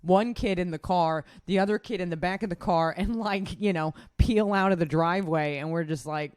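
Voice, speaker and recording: A woman's voice: lowish voice, moderate pace, darkish tone, no room sound. A woman co-hosting a podcast, telling a long story casually in a rambling, profane way full of "like". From Nevada, USA. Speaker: podcast co-host.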